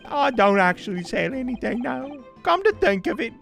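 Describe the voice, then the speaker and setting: A chatty, gossipy male street vendor, as a man plays him who talks high and bouncy with a lot of swing. Faint game music plays underneath. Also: very animated, moderate pace, gravelly, a bit bright, exaggerated voice. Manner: folksy and chatty. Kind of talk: game voice-acting.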